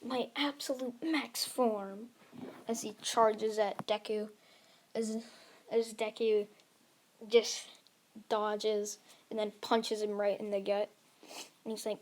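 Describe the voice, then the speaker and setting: A woman's voice: fairly high pitch, steady tone, slow pace, pauses often, a little mellow. A woman narrating an improvised fan-fiction story, rambling along with frequent restarts. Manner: rambling, with many restarts and fillers.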